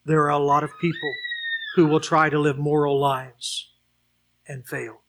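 A man's voice: fairly high pitch, flat delivery, measured pace, a bit bright. A man preaching a sermon and leading a closing prayer, earnest and building to emphatic repeated questions. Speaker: pastor.

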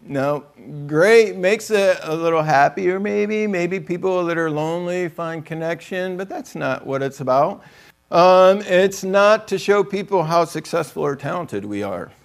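A man's voice: sits high, a little slow, gravelly. Joking, chatty preacher man. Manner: joking, chatty, acts out quotes. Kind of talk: conversational sermon.

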